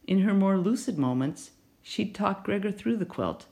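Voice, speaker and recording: A woman narrating a children's novel in an expressive storytelling manner. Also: medium pitch, moderate pace, creaky. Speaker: audiobook narrator.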